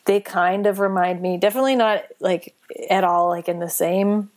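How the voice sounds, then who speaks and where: A woman with a fairly low voice co-hosts a sports podcast. She talks in a loose, chatty way, full of filler words. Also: steady tone, moderate pace, a little mellow. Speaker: podcast co-host. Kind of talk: casual sports chat.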